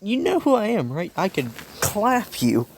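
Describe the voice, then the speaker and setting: A man putting on a booming showy hero teacher. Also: takes it slowly, creaky, noisy background. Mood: boisterous.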